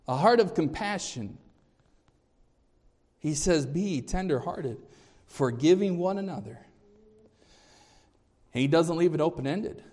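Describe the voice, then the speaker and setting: A male pastor preaching in a somewhat higher voice, his words ringing through a church with a long echo. He is emphatic, climbs in pitch and volume when stressing points, and quizzes the congregation with questions. He often restarts and repeats his words. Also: a little mellow. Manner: repeats and restarts words, measured and deliberate in places. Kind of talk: sermon. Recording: long hall reverb.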